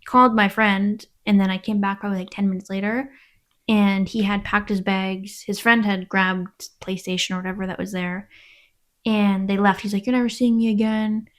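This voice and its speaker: A woman's voice: mid-range voice, little pitch movement, normal speed, a bit bright. A woman guest, candidly telling her story, acting out what people said and swearing. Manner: candid storytelling, acts out quoted exchanges, swears. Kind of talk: casual interview.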